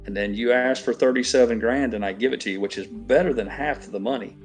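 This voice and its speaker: A man's voice: mid-range voice, fast, hardly any pauses, soft background music. A middle-aged man in a casual chat, telling an aggrieved, profane story in a ranting way. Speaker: stream regular.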